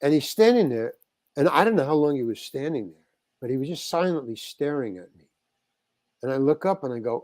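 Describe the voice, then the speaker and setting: A man's voice: mid-range voice, animated, moderate pace, darkish tone, no echo. An older man, a guest actor, telling a rambling anecdote in an interview, stopping and restarting as he acts out the exchanges he quotes.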